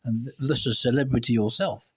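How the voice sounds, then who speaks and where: A man's voice: mid-range voice, steady tone, brisk, darkish tone, breathy edge. A man conducting a mock-serious interview, asking earnest questions with hesitant fillers.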